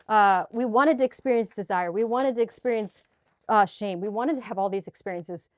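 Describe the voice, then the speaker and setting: Woman, spiritual vlogger, earnest, gushing, sweaty, choked up, mid pitch, dry close sound. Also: a little fast, dry recording. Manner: earnest, gushing, with restarts and filler. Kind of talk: heartfelt direct-to-camera vlog.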